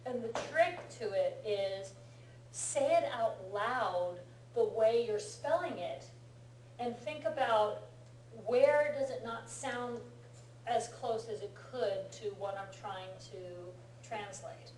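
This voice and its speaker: A woman's voice: on the high side, slow, darkish tone. An American woman teaching a casual language lesson, explaining patiently and encouraging her student, with plenty of fillers. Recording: roomy room from far off, faint hum.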